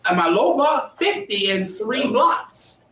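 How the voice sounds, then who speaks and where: A man's voice: high-pitched, big pitch swings, slow pace, a bit bright. A man teaching a history class, lecturing emphatically and quizzing his students. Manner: emphatic, preachy, asks the class questions. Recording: echoey room, mic far off.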